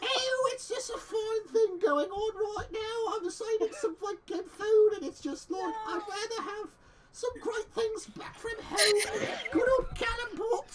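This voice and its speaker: A tabletop player voicing a chirpy woman adventurer with a high, squeaky, put-on Cockney accent and a whiny, sing-song delivery. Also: fairly even intonation, a little slow, crowd noise, rough recording. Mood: homesick.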